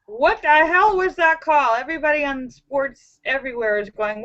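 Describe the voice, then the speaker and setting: A woman hosting a casual live-stream chat, talking in an animated, emphatic, sassy way. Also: sits high, normal speed, hardly any pauses, highs cut off. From Los Angeles area. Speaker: livestream host.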